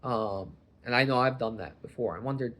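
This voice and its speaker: A man's voice: mid-range voice, brisk. Rambling young man talking to camera. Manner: rambling, self-interrupting, jumps to loud animated voices when quoting people. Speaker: vlogger. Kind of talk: rambling casual monologue.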